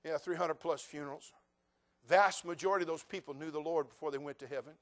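Animated preacher with a high voice. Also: male voice, fast talker. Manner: animated, mimics voices of people; humorous, conversational preaching. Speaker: pastor. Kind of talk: sermon.

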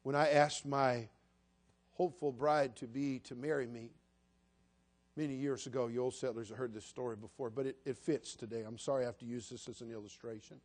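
A man's voice: medium pitch, fairly even intonation, brisk, a little mellow. A man in his sixties from the United States, preaching a sermon in a folksy, humorous storytelling way. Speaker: pastor.

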